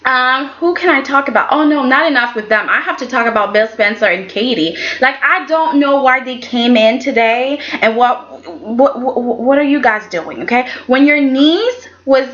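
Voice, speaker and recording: A woman's voice: high voice, animated, normal speed, few pauses, fairly bright tone, muffled recording. A woman casually reviewing a soap opera episode, chatty and opinionated, often acting out what the characters said. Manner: chatty and opinionated, acts out quotes in voices. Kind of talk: casual chat.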